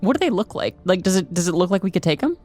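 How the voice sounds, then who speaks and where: Chatty woman player, lively pitch. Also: rapid-fire, soft background music. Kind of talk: playing a tabletop game.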